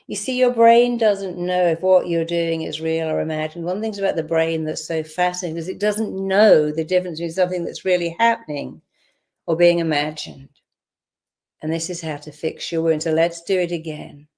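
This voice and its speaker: A woman's voice: lowish voice, fairly even intonation, a little fast, darkish tone. A woman therapist leading a guided visualization, firmly directing listeners and repeating affirmations for them to say back. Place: live online event.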